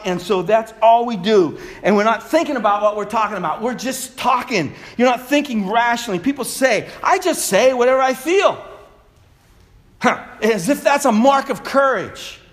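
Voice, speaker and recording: A middle-aged man preaches with a strikingly high voice. He swings from loud, pressing shouts to low, quiet asides to drive his points home. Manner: preachy, builds to shouts then drops low. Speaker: pastor. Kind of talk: sermon.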